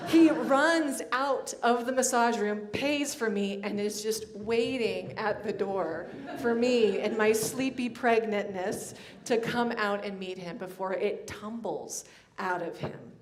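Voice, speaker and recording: A woman minister giving a sermon, telling a personal story in a reflective way with soft pauses. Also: on the high side.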